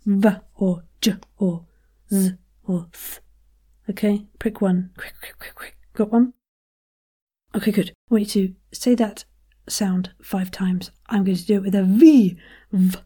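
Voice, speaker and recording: A woman leads voice warm-ups at an unhurried pace, her mellow voice often dropping into a giggly whisper. She demonstrates each sound and tongue twister out loud for her listeners. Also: medium pitch, fairly even intonation, slightly rough. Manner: demonstrates vocal exercises out loud. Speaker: podcast host leading voice warm-ups. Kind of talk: playful instructional warm-up coaching.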